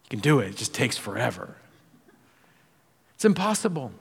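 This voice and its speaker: A man preaching a sermon as pastor, acting out quoted voices and swinging between loud and hushed. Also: mid-range voice, sing-song, normal speed, gravelly, breathy edge, in a large hall. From United States.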